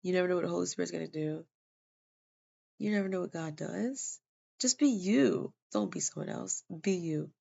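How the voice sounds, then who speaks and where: A woman tells a personal story in a loose, rambling way, stopping often on fillers and restarts. She is tired and yawning, and her voice is strongly gravelly with constant fry. The recording is dull and lo-fi. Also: lowish voice, expressive, normal speed, warm tone. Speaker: vlogger sharing a personal testimony.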